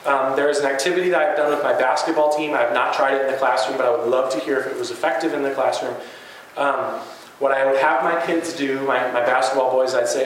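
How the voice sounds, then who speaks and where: Man, teacher and coach, earnest conversational talk, slightly high voice, very echoey room, faint background hum. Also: a bit bright. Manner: earnest, conversational, many fillers and restarts. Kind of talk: conference talk to educators.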